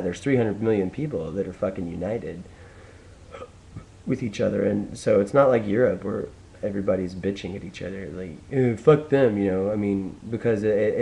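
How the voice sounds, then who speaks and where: With vocal fry and a dark, low-side voice, this young man from the United States rants on his own as a vlogger, profane and rambling and constantly restarting. The recording is low quality.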